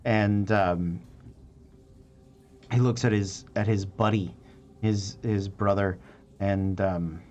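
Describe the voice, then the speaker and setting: A man narrating as game master in a tabletop game, halting with frequent fillers and restarts. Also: fairly low pitch, steady tone, darkish tone, dull audio.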